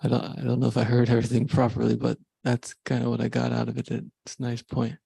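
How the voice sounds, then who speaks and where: Husky, gravelly man sharing a reflection. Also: mid-range voice, completely flat delivery, fast, dark tone. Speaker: class participant. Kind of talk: devotional reflection.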